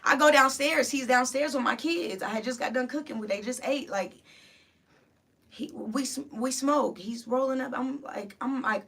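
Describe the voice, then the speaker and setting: A woman guest on a podcast telling an emotional personal story in an animated way, full of "like". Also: high voice, moderate pace, breathy edge. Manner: animated, lots of "like", voices rising with the story. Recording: distant mic, faint room hiss.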